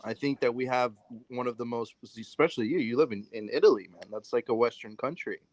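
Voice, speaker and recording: A man's voice: mid-range voice, fairly quick, no echo, poor audio. Casual American man talking on a podcast. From United States. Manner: conversational, many fillers and rephrasings. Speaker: podcast host.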